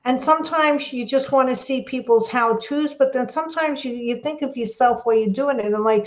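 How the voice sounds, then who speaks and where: A woman hosting a crafting livestream, talking casually and rambling excitedly as she reads viewer comments and apologizes often. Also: high-pitched, fairly quick, hardly any pauses. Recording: roomy, dull lo-fi sound.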